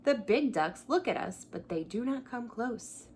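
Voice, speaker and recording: A woman's voice: fairly high pitch, lively intonation, a little slow, slight background noise. A woman who teaches pre-K, reading a picture book aloud to young children at home, acting out the animal sounds and asking them to join in, sometimes dropping to a whisper. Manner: drops to a whisper at quiet moments. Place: her home, by a coffee table.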